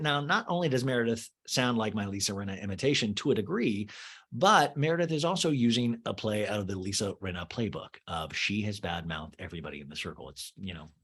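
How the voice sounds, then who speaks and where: Male podcast host, animated comic recapper, lots of pitch movement. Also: fast talker, breathy edge. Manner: animated, wry storytelling. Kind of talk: comedic TV recap.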